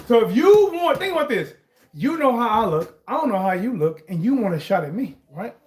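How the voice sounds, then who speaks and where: A man with a high voice holds forth on sports in loose, rambling chat. He circles back over his points and then raises his voice sharply to hammer them home. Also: a little fast. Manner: rambling, animated, bursts into shouts on points. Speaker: sports commentary vlogger. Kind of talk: casual chat.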